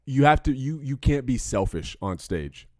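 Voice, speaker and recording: A man's voice: medium pitch, moderate pace, no room sound, clean studio sound. A man co-hosting a podcast, chatting casually and playfully, fussing over his jokes. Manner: animated, playful, overthinks jokes. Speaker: podcast co-host. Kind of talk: casual comedic chat.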